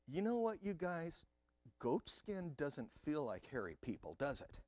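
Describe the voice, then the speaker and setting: This sermon comes from a male pastor whose fairly high voice climbs and dips constantly as he addresses the congregation head-on. He moves a little slowly, giving every phrase its time, in a dry recording with no room sound.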